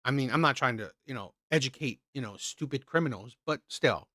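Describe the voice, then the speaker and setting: A man's voice: mid-range voice, expressive, brisk, sharp tone, dry recording, studio quality. A man hosting a reaction channel, commenting on a clip with indignant rhetorical questions.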